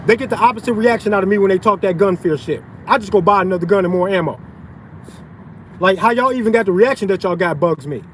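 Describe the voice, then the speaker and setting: A man's voice: high-pitched, fast talker, slight background noise, rough recording. A man ranting profanely on a livestream, outdoors in a parking lot. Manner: profane, heated ranting, conversational slang. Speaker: open carry vlogger.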